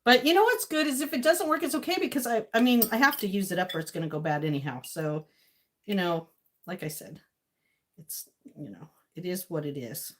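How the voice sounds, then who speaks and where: A woman in her home kitchen chats through a cooking experiment, thinking out loud and laughing at her own mishaps. Her voice sits at an ordinary middle pitch. Dishes and cutlery clink around her. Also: fast talker. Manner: rambling, self-talking, laughs often. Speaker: cooking vlogger. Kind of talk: casual kitchen chatter to viewers.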